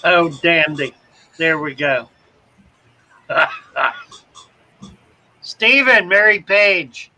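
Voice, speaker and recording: A man's voice: a little high, expressive, drawn-out words, pauses often, bright, forceful tone, poor audio. A man hosting a casual livestream, greeting viewers by name and rambling with self-deprecating jokes. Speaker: livestream host. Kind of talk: casual chat reading viewer comments.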